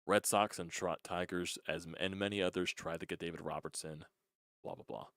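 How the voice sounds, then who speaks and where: A man's voice: low-pitched, steady tone, fairly quick, a bit bright, no echo, studio quality. A young man hosting a sports channel, talking in a frustrated, casual rant, swearing and breaking off words.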